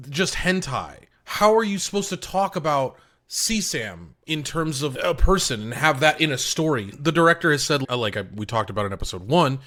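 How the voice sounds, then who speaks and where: A man's voice: on the high side, pushed and bright. A man co-hosting a podcast, making his case in an earnest, argumentative way. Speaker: podcast co-host. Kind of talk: casual discussion.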